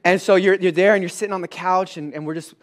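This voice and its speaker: A man in his thirties preaching a sermon in church, animated and comic as he acts out scenes with his kids. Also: sits high, fast talker. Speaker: pastor.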